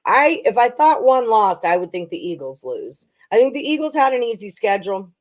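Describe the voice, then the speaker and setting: A woman's voice: a little high, sing-song, normal speed. A woman hosting a casual sports betting livestream, chatting in a rambling way with frequent ums and laughs. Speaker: sports betting show host.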